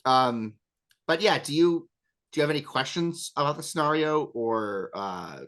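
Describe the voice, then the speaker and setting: A man's voice: on the high side, lively intonation, measured pace, fairly bright tone. A man chatting casually as a game master, rambling with self-deprecating asides. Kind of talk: casual chat.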